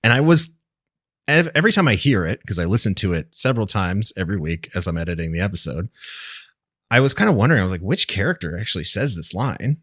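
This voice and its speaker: A man's voice: fairly low pitch, big pitch swings, fast talker, fairly bright tone, dry recording, studio quality. A man co-hosting a podcast, chatting casually and with amusement about a TV episode. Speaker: podcast co-host.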